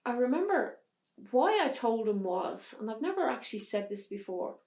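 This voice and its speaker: A woman telling a hard personal story as an interview guest, in a halting way with restarts. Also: fairly high pitch, big pitch swings, darkish tone, reverberant. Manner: halting, restarts under strain. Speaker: podcast guest.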